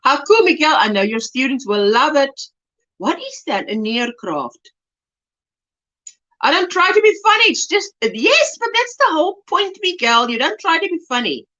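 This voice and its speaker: High, lively woman hosting a crafts stream. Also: normal speed. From South Africa. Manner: reads chat comments aloud, chatty and affectionate. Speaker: livestream host. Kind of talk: casual chat. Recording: dull lo-fi stream audio.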